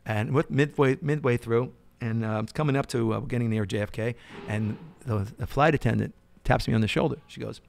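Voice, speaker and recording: A middle-aged man with a New York accent, telling an animated story as a podcast guest. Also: medium pitch, fairly quick, gravelly, hardly any pauses, a little hiss or hum. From United States. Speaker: guest musician. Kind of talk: storytelling in casual chat.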